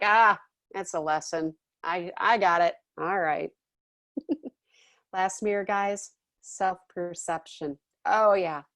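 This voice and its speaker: Woman teacher, casual and chatty, mid pitch, dry close sound, keeps checking in with the class. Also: darkish tone, no room sound. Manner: chatty, often checks in with "okay?" and "all right?".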